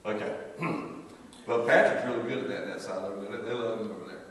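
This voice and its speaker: A man's voice: lowish voice, brisk, crowd noise. Male pastor, folksy storyteller and prayer leader, far from the mic in a reverberant church hall. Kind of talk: sermon with anecdotes and prayer. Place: church sanctuary.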